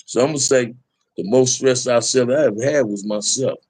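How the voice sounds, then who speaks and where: A man's voice: mid-range voice, fairly quick, a little mellow, no echo. A middle-aged man telling prison stories in casual talk to a live chat, candid and laid-back, full of street slang.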